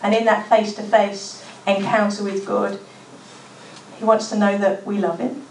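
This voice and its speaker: A woman's voice: medium pitch, little pitch movement, moderate pace, slight background noise. Brummie woman preaching in an echoey room. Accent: Birmingham. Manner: chatty, informal, with frequent "like" and restarts. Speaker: speaker at a church gathering. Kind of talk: conversational talk on prayer. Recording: echoey room, mic at a distance.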